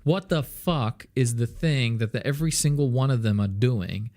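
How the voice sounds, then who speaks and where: Man, music teacher, casual livestream chat, animated, frequent fillers, swears, mid pitch. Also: moderate pace. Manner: sings song snippets to demonstrate. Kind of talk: casual livestream song feedback.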